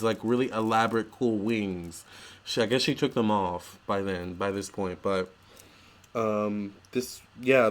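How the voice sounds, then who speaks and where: A young man vlogging in a chatty, gushing way, full of fillers and restarts. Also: mid-range voice. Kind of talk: casual storytelling vlog.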